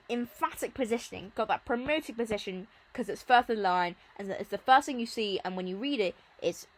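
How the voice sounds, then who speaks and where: A woman giving an informal Latin revision lesson, chatty and enthusiastic, repeating key terms as she goes. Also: on the high side. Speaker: Latin teacher.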